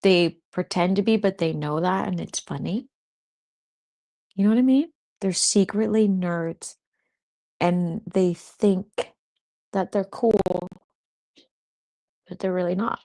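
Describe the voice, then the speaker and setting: A woman chatting casually on a livestream, laughing often as she reacts to what viewers say. Her voice sits low with a gravelly fry running through it. She talks like a spiritual host among friends. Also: takes it slowly, long pauses, dark tone. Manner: giggly, laughs often between remarks.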